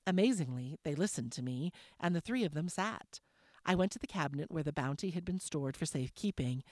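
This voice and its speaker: A woman's voice: sits low, expressive, a little fast, darkish tone, no echo, studio quality. A woman hosting a reading show, narrating a novel chapter as an audiobook, casual between chapters.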